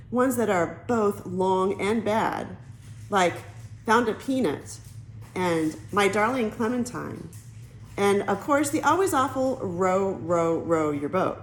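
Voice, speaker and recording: Female audiobook narrator for a kids' novel; animated, wide-ranging delivery. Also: medium pitch, slight background noise, poor audio. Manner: lively storytelling, switches into character voices. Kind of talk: reading a children's novel aloud.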